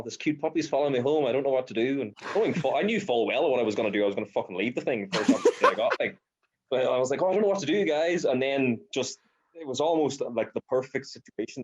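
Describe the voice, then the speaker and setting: A podcast host with a medium-pitched voice chats casually and tells stories, acting out the quotes along the way. The recording has a lo-fi sound.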